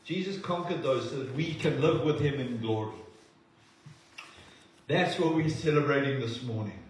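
A man preaching a sermon, shifting between forceful declarations and hushed, earnest moments. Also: mid-range voice, moderate pace, slight background noise. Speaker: pastor. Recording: echoey hall recording from a distance.

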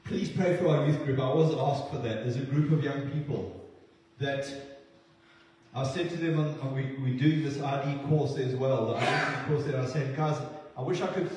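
A man preaching a sermon in a church, earnest and halting, often repeating words as he restarts. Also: mid-range voice, fairly even intonation, a little mellow, a little hiss or hum. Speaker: pastor. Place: church hall. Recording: echoey hall, distant mic.

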